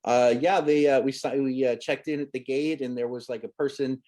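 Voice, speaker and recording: Warm in tone and medium in pitch, this thirtysomething man's voice stays fairly even in intonation and moves briskly. As a guest and former child actor, he tells rambling, amused stories about his childhood acting, with many restarts, in a casual interview.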